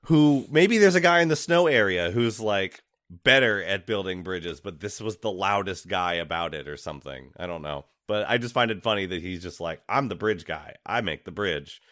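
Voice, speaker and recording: Casting: low-voiced male podcast co-host, animated delivery, dry close sound, laughs and mimics characters. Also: moderate pace, no room sound. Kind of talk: casual gaming chat.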